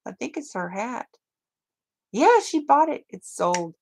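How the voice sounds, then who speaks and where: Expressive and gravelly, this woman's medium-pitched voice has a darkish tone and a normal speed. As host of a crafting livestream, she talks chattily and loosely to viewers, using lots of fillers.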